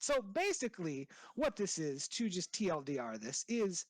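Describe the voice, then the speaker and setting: A podcast co-host chatting casually about the news with a sarcastic, animated delivery. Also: medium pitch, normal speed, few pauses, dry recording, low-quality recording. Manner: sarcastic, animated storytelling with mocking put-on quotes. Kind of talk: casual opinion chat.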